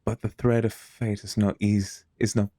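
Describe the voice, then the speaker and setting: A man's voice: fairly low pitch, flat delivery, warm tone, no room sound, close to an everyday voice. A man voicing an aloof, haunted female alien seer from a video game, speaking formally. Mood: troubled. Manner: formal, measured speech. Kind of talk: reading game dialogue aloud.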